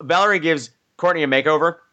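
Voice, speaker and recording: Animado presentador de pódcast, voz brillante. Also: male voice, fairly high pitch, fast, highs cut off. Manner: animated, joking, laughs often. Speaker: podcast host. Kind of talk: casual movie-review chat.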